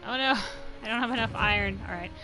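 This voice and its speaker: A woman's voice: fairly high pitch, fast talker, bright, forceful tone, soft background music, poor audio. A young woman from New Mexico chatting casually while streaming a game. She rambles, laughs often and says "like" a lot. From New Mexico, USA. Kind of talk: casual live-stream commentary.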